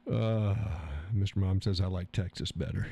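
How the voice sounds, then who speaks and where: A man's voice: deep voice, steady tone, slow, creaky, warm tone. A middle-aged man hosting a casual live stream, reading out chat comments, joking crudely and laughing often. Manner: chatty, laughs often, salty jokes. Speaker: livestream host reading chat.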